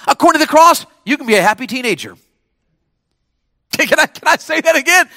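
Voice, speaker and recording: A man's voice: high voice, very animated, brisk, sharp tone, no echo, studio quality. A man preaching to teenagers as a pastor, calling out to the crowd and repeating his points. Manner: preaching with call-and-response and repetition. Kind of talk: sermon to teenagers.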